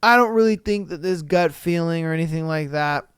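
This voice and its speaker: A man with a fairly high, resonant voice hosts a casual podcast. He reads a listener's story and then weighs in bluntly and with lots of animation, swearing freely. The sound is dry and close. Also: brisk, fairly bright tone, clear, resonant tone, dry recording. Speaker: podcast host. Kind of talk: reading a listener story aloud and commenting.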